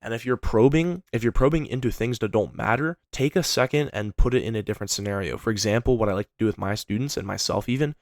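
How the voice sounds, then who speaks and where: Low-voiced, energetic male sales coach. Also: fast talker, hardly any pauses, no room sound, studio quality. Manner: energetic, conversational, tags points with "right?".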